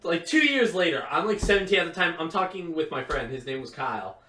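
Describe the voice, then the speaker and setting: A young man with a high voice, recorded on a distant mic in a roomy space, talks fast as a podcast co-host. His casual storytelling is rambling and profane, an animated retelling full of quoted voices.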